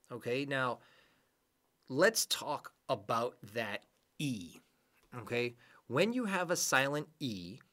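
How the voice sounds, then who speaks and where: A man teaching an online lesson, patiently repeating words slowly for pronunciation practice. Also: mid-range voice, fairly bright tone. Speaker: English teacher.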